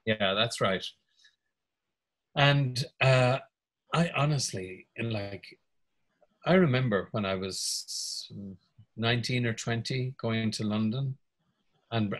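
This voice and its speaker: A man's voice: on the low side, a bit bright, poor audio. An older Irish man, a music producer, reminiscing casually in an interview, telling stories with frequent chuckles and little impressions of people. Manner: anecdotal, chuckles often, mimics voices in stories.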